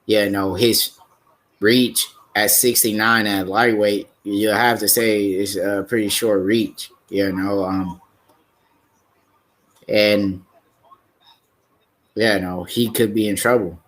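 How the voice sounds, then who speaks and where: A man with a low, fairly flat voice talks through a fight preview at an unhurried pace. He hesitates often and leans on fillers as he restarts his thoughts. His tone is casual, like a live stream host. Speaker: fight commentator.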